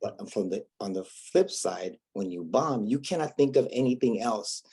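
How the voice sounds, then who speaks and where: A Hawaiian-accented man with a low, husky voice, mellow and unhurried in tone. He talks in a laid-back, wry way, poking fun at himself as a guest comedian in a casual chat. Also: lively intonation.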